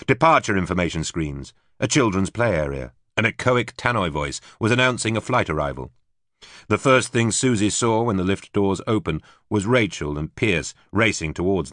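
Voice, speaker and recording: A man narrating an audiobook in a steady, even storytelling manner. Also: low-pitched, dry recording, studio quality.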